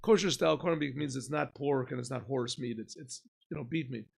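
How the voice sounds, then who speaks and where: A man, a rabbi, giving an informal Torah lesson, asking and answering his own questions and often clearing his throat. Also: medium pitch, a little fast, darkish tone. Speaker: rabbi teaching a class.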